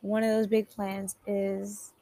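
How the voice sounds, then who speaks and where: A woman's voice: mid-range voice, little pitch movement, slow pace, vocal fry, warm tone. A teenage girl hosting a podcast in a casual chat, rambling, giggling and correcting herself as she talks, at her computer in her bedroom. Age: teens. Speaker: podcast host. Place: bedroom at home. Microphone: headphones at a computer keyboard.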